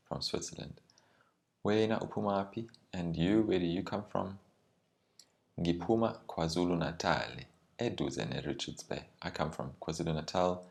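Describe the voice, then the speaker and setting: A man teaching a language lesson, explaining words carefully and sometimes slowing down to spell out meanings. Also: low voice, vocal fry. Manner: careful and explanatory, with some ums and slowed words.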